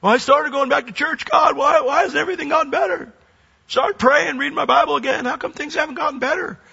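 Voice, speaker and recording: A preacher putting on a whiny, pleading churchgoer. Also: male voice, very high voice, quick pace, creaky, bright, forceful tone, pitched above the performer's own voice, exaggerated voice. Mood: complaining. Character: whiny self-pitying churchgoer pleading with God. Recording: dull recording, long hall reverb.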